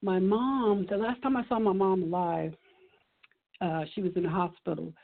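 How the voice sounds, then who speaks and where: A woman's voice: medium pitch, steady tone, normal speed, creaky. A middle-aged woman telling an emotional personal story as a radio guest, earnest and laughing often. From California. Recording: tinny phone line.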